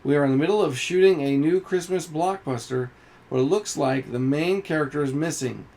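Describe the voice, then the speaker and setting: A man voicing a hesitant, urgent mystery star on a loudspeaker. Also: on the high side, a little fast, close to an everyday voice. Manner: hesitant, pleading. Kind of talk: reading a game's story aloud.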